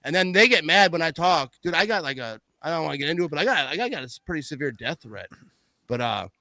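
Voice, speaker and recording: A man talking casually about football, rambling with lots of fillers and animated swings in his voice. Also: fairly high pitch, fast, no room sound. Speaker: podcast guest. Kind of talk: casual sports chat.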